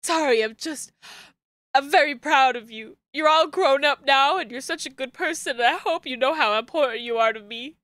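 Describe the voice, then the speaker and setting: A woman reading as a doting single dad from a dating game speaks tenderly and earnestly. The voice is high and bright. It sounds dry and close. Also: normal speed, no echo.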